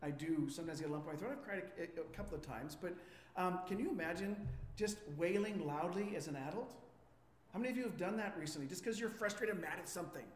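High-voiced pastor in an echoey hall. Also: male voice, fast talker, slight background noise. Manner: animated, asks the congregation questions; acts out quotes with rising voice. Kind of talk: interactive sermon. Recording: echoey hall with long reverb.

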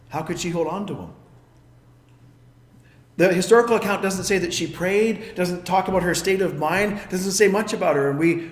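A man's voice: high voice, reverberant, long reverb tail. A man preaching a sermon, telling a story and acting out the characters' lines.

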